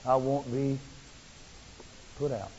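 A male preacher giving a fervent, repetitive sermon that rises into shouts. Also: medium pitch, slow pace, slight background noise. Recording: muffled, long hall reverb.

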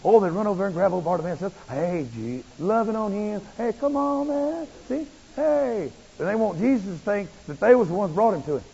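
A male preacher giving a fervent, repetitive sermon that rises into shouts. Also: sits high, animated, fast talker, few pauses, husky. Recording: muffled, long hall reverb.

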